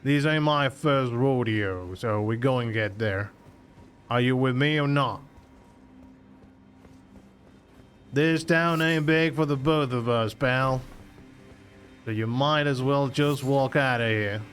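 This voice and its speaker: A man voicing a gruff Old West cowboy with a swaggering drawl. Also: a little high, slow, pauses often, fairly bright tone, soft background music.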